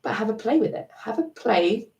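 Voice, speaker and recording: A woman's voice: on the high side, lively intonation, moderate pace, gravelly, darkish tone. A middle-aged woman coaching a live EFT tapping session, chatty and encouraging, laughing at herself. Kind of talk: live-stream coaching talk. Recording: echoey room, distant mic.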